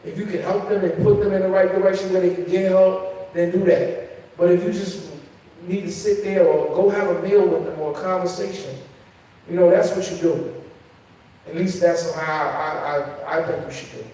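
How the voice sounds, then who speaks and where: A man's voice: high voice, fairly even intonation, normal speed, dark tone. A man, a poet speaking candidly on a discussion panel in an event hall, earnest and conversational, repeating words as he goes. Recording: echoey hall, mic heard from a distance.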